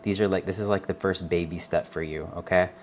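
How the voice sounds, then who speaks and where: During a live tarot reading for his viewers, a man talks in a low, steady voice at a fairly quick clip. He's gentle and earnest, reassures the listener, calls them "honey" and repeatedly asks "okay?" over a bit of background noise.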